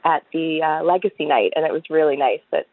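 Singer guest, woman from Chicago, husky morning voice, lowish, casual and chatty, heard over a phone line. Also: fairly quick, no room sound. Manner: chatty, warm storytelling with frequent fillers. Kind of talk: casual interview chat.

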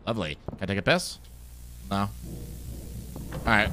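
A man's voice: fairly low pitch, very animated, measured pace, long pauses, a bit bright. Nervous guy playing a horror game, voice swings way up and down, noisy hum behind. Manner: jumpy, nervous, wisecracking. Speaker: gaming streamer. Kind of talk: horror game let's play commentary.

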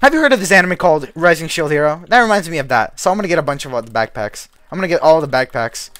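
A man live-streaming a game, chatting in a rambling, excitable way with a friend over voice chat. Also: a little high, dry recording. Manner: rambling and excitable, quick to shout. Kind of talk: casual gaming chat.

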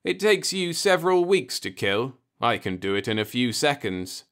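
A man's voice: medium pitch, sing-song, moderate pace, a bit bright. A man reading the part of a curious, insistent human envoy in an audiobook, asking pressing questions. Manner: pressing, questioning, rising to alarm.

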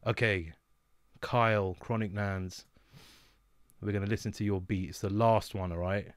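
A man's voice: on the low side, fairly even intonation, normal speed, no echo, studio quality. A man hosting a beat battle on a livestream, chatting casually, swearing freely and laughing often. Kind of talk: casual chat.

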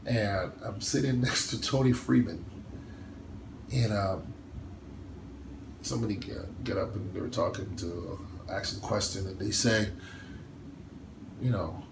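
A man being interviewed as a bodybuilder, telling stories in an animated way, acting out what others said with big jumps in pitch and frequent laughs. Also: a little slow, creaky, pauses often, echoey room, noisy background. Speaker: bodybuilder guest.

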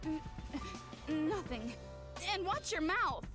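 A woman's voice: extremely high pitch, sing-song, takes it slowly, bright, forceful tone, soft background music, exaggerated voice. An actress voicing a brash, bossy young woman in a video game, scolding and lovestruck.

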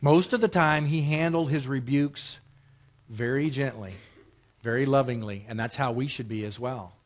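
At a moderate pace and medium pitch, a married man serving as pastor gives a sermon in a Bible class. He talks conversationally, circling back to repeated phrases and posing rhetorical questions.

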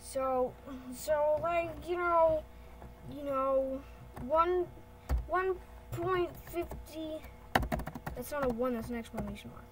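Slow, high-voiced playful woman. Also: a little hiss or hum, poor audio. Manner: rambling, playful, self-correcting. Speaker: channel host. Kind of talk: casual screen-recording commentary. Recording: keyboard and mouse clicks behind. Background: typing and clicking.

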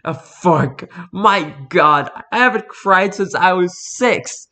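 Brief: wry man, higher voice, casual comic reading with exclamations. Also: measured pace, hardly any pauses, pushed and bright. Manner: wry, exclaiming, swears mildly. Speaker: reader of online posts and jokes.

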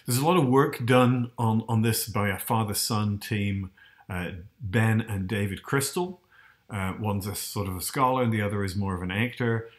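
A man's voice: on the low side, moderate pace. A man hosting, explaining casually and hesitantly, often turning to ask the listener. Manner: hesitant, many restarts and fillers, asks the listener. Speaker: host.

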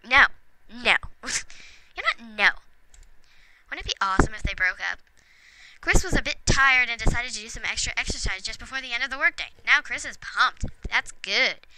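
A chatty woman with a slightly high voice talks her way through a video game, coaxing the characters as she goes. Steady background noise and clicking run under her voice. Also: normal speed. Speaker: let's play gamer. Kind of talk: casual gameplay commentary.

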